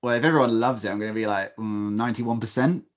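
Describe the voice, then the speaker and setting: A man co-hosting a podcast, talking things through in a measured, reasoning way with dry humor. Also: fairly low pitch. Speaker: podcast co-host. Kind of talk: casual chat.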